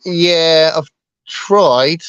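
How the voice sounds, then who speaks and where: A man's voice: fairly high pitch, extremely slow, fairly bright tone, clear, resonant tone, dry recording, highs cut off. A man co-hosting a casual book livestream, talking hesitantly with lots of ums and restarts. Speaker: book channel co-host.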